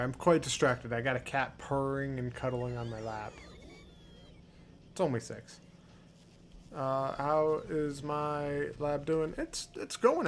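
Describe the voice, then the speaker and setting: Gaming host, male, unhurried and chatty, thinks aloud as he plays, faint hum behind. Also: mid-range voice. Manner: easygoing, muttering to himself with fillers. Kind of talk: casual gameplay commentary.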